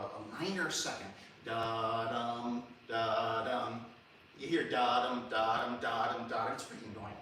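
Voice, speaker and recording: Guy giving a music talk, bright forceful voice, stumbles and restarts a lot, hums little tunes. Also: a little high, a little hiss or hum. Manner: animated, many restarts, sings and hums examples. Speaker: lecturer. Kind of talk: public lecture. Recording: echoey hall recorded from far.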